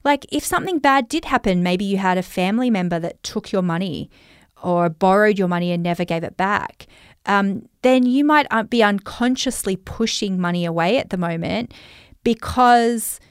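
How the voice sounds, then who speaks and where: A woman's voice: medium pitch, lively intonation, moderate pace, clean tone, dry recording, studio quality. An Australian woman coaching listeners on money in a chatty, reflective way, with many fillers. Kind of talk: talking straight to listeners.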